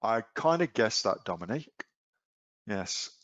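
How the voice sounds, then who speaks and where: A man's voice: fairly low pitch, sing-song, a little slow, a bit bright, no echo, dull audio. A man with an Australian accent coaching viewers in a live screen-share webinar, casual and blunt, often throwing rhetorical questions at his audience. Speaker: online selling coach.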